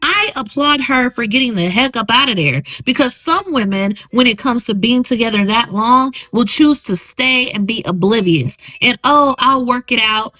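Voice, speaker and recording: A woman's voice: a little high, lively intonation, moderate pace, hardly any pauses, bright, forceful tone, no echo, poor audio. A woman podcast host, giving blunt, emphatic commentary on social media posts she reads aloud.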